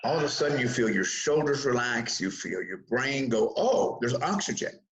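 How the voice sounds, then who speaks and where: In a casual interview about mindfulness, a male guest talks at a moderate pace in a medium-pitched voice. He chuckles as he tells his stories, restarting sentences and repeating himself often. It's a low-quality recording.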